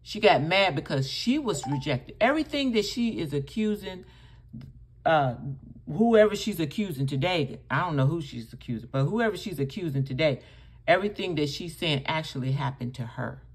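Low-voiced woman scolding in her commentary. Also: lively intonation, normal speed, slightly rough. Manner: scolding, emphatic, addresses the other speaker directly. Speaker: reaction channel host. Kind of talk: reacting to clips with commentary.

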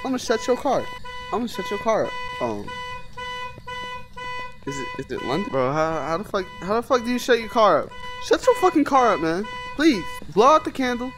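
A young gamer narrating a horror playthrough, swearing and taunting the ghost between jumpy moments. The voice swings widely in pitch, and faint music sits underneath. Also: big pitch swings, brisk. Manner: taunting, profane, trash-talking the ghost; jumpy, easily startled. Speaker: gamer playing a VR horror game. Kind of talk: let's-play commentary.

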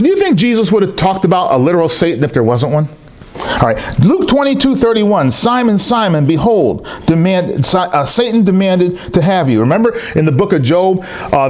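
Pastor, man, fairly high lively voice, storytelling preacher who acts out voices. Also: fairly quick. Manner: animated storytelling preacher, acting out quoted voices. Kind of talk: sermon. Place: church service in a rented hall.

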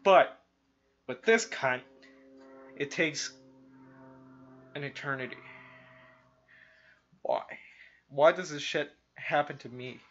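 Loud, foul-mouthed young gaming commentator. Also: male voice, fairly high pitch, slow, long pauses, muffled recording, soft background music. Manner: profane, rambling, with loud yelling outbursts. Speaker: gaming video host. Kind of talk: casual gameplay commentary.

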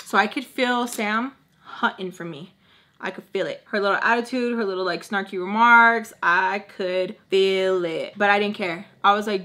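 A young woman chats straight to camera as she does her makeup, telling a storytime. She is blunt and profane and slips Spanish words into her casual talk. Her voice sits at a middle pitch with a bright, forceful edge. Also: normal speed. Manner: blunt, profane, peppers speech with Spanish and fillers. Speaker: storytime vlogger.

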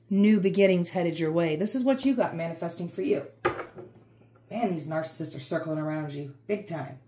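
A woman's voice: mid-range voice, darkish tone. A woman giving an emphatic, repetitive, fired-up tarot reading. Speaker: tarot reader.

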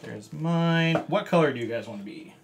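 A man's voice: fairly high pitch, lively intonation, moderate pace, creaky, background noise. A man hosting a casual board game stream, explaining the rules in a rambling, easygoing way. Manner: rambling, restarts often, laughs along.

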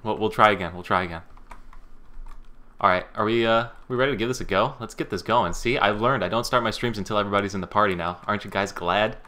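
Bright-voiced joking male streamer. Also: fairly low pitch, fast talker. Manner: joking, excitable raid callouts. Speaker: streamer, game host. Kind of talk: casual gaming stream chat.

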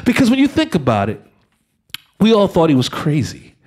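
A man doing a profane stand-up comedy set on stage, swinging from shouting to a hushed mock-calm voice. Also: sits high, normal speed. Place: stage before a live audience.

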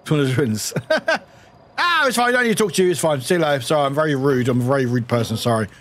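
A man's voice: mid-range voice, animated, very fast, a bit bright. A man from the UK streaming a game, chatting casually, giggling and joking at his own expense. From United Kingdom. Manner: giggly, self-mocking.

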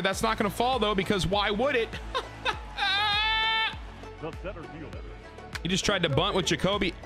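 A man giving live gameplay commentary, excitable and full of profane trash talk. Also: high voice. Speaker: gaming YouTuber.

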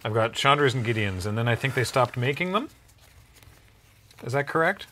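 A man's voice: medium pitch, lively intonation, normal speed, background noise. A man chatting casually on a card-game stream, wry as he sorts through a collection aloud. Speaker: show regular.

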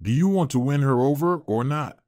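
A man voicing a gentle, sly, bedridden older mother in a storybook reading. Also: mid-range voice, expressive, normal speed, dry recording, studio quality, pitched above the performer's own voice, lightly acted. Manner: soft, hopeful.

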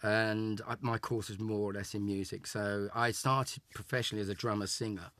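A low-voiced older Englishman reminisces at an easy, rambling pace, often restarting his words. The sound is dry and close, with no room echo. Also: fairly even intonation, moderate pace, a bit bright. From England. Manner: chatty, repeats and restarts words. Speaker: interview guest, former child show actor. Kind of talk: casual reminiscing interview.

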